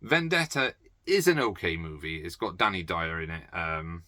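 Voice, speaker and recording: A man's voice: sits low, lively intonation, normal speed, pushed and bright, no echo. A man vlogging about his movie collection in a casual, rambling way, blunt and sweary, with lots of ums and uhs. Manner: blunt, sweary, off-the-cuff with many fillers.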